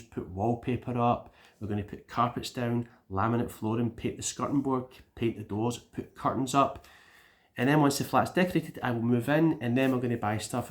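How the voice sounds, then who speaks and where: A man's voice: mid-range voice, a little mellow. A Scottish man giving a casual vlog update, rambling, with repeated words and restarts. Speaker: gaming YouTuber.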